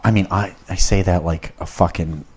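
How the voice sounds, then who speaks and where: A man's voice: sits low, fairly even intonation, normal speed, darkish tone, husky. A man hosting a podcast in casual chat, rambling and swearing a lot. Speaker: podcast host.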